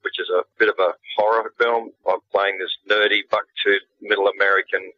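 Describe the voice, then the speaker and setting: A man's voice: on the low side, level tone, brisk, sharp tone. A middle-aged man with an Australian accent, a guest actor talking in a laid-back, plain-spoken way with frequent restarts. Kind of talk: casual radio interview. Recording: dull lo-fi radio sound.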